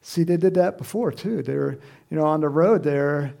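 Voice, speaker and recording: A man preaching a sermon as pastor, lively and chatty, laughing often and acting out the voices of people in the story. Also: a little high, normal speed, vocal fry. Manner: lively, acts out quoted voices with sudden loud cries and laughs.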